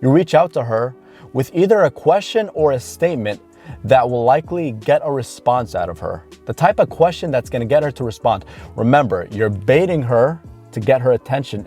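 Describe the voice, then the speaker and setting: A man's voice: medium pitch, lively intonation, fairly quick, dark tone, soft background music. A man coaching viewers on dating, talking earnestly to camera and repeating key points for emphasis. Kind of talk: instructional talk to camera.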